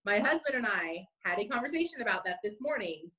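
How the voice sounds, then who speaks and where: A woman's voice: mid-range voice, sing-song, fast talker, bright, forceful tone, rough recording. A woman in her thirties, a sales team leader, giving a chatty, casual live-stream pep talk and reading viewer comments aloud.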